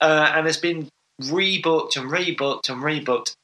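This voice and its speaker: A man's voice: a little high, a little slow, bright, forceful tone, poor audio. A man co-hosting a podcast, chatting casually and enthusiastically with lots of fillers. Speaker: podcast co-host. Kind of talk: casual sports chat.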